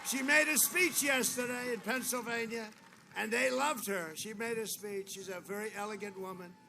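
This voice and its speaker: A man's voice: high-pitched, fairly even intonation, normal speed, creaky. A man giving a rambling, boastful campaign rally speech, repeating his lines often, on a podium microphone outdoors. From United States. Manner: boastful, repetitive, rambling asides. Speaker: political candidate. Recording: noisy outdoor rally feed.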